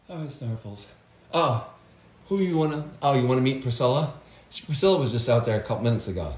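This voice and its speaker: A woman's voice: extremely low pitch, animated, a little fast, a little mellow, echoey room. A woman talking casually to her pet reptile as its keeper, in an exasperated, teasingly scolding way.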